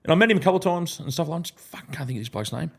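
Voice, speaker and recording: A man's voice: on the high side, animated, rapid-fire, creaky, a bit bright, slightly rough. An Australian man hosts a podcast from a studio in casual chat. He tells stories in a looping, sweary way, stopping and restarting mid-thought. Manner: swearing, rambling storyteller with frequent restarts. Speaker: podcast host and comedian.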